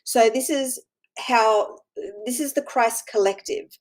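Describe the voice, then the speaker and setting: Over poor audio, a fairly high-voiced woman delivers a casual spiritual teaching that rambles, restarts and repeats itself. She keeps asking "right?" to check in with listeners and stays encouraging and sincere the whole way through.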